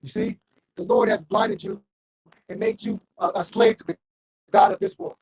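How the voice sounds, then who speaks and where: Male street preacher, gravelly and husky, lively swooping high delivery, fiery and confrontational. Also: moderate pace, slight background noise. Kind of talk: street sermon with scripture reading.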